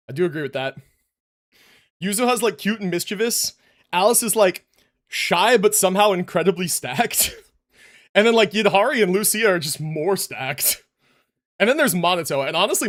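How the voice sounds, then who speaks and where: A young man with a high voice rambles to his live chat from a room at home. He talks loosely, restarting sentences and piling on fillers, sometimes drifting away from his desk mic. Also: a bit bright. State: out of breath after push-ups. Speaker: livestreamer. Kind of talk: casual live-stream chat. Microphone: desk mic, moves away from it.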